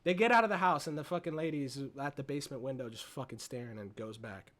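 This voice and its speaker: A young man giving a casual movie review vlog, retelling the plot in an excitable, profane, rambling way. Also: medium pitch, fast talker.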